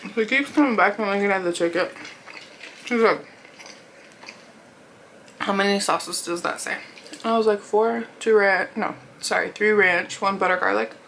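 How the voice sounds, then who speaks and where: A woman's voice: medium pitch, fairly bright tone, slight background noise, rough recording. A young woman vlogger casually telling a rambling story while eating, laughing often and acting out what people said. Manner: chatty, rambling, lots of "like" and quoted dialogue. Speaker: mukbang vlogger.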